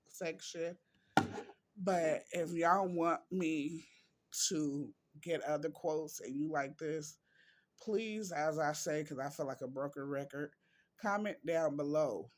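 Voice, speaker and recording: A man vlogging in an emotional, heartfelt way, reading quotes and talking slowly with drawn-out words. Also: on the high side. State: emotional, near tears.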